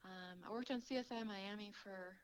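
A woman in her forties from Kentucky, a model and TV host, chatting as a guest in an interview with animated storytelling. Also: mid-range voice, normal speed, a little hiss or hum, rough recording. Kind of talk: casual interview chat.

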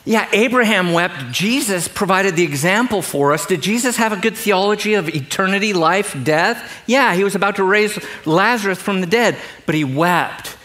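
A middle-aged pastor, preaching a sermon to a congregation in a conversational, joking way. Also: male voice, sits high, normal speed, few pauses, sharp tone. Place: church in front of a congregation.

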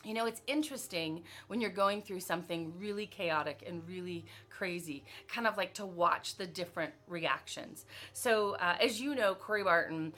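Bright, lively woman coaching her team. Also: mid-range voice. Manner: animated storyteller, laughs often, many "like"s and "right?". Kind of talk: motivational team talk.

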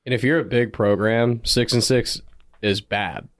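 A man's voice: lowish voice, measured pace, no room sound, clean studio sound. A man co-hosting a casual sports talk show in a laid-back, slangy way.

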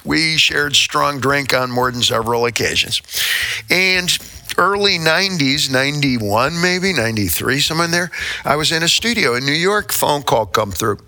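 A man's voice: a little high, lively intonation, normal speed, pushed and bright. An older man, a performing musician, telling rambling interview anecdotes in a theatrical, jokey way with laughing asides.

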